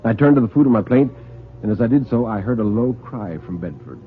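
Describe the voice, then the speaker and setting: A man's voice: medium pitch, fairly quick, slight background noise. A man narrating a suspense story in a theatrical radio storytelling style, also introducing the next tale as host. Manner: theatrical, expressive. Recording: tinny old radio broadcast.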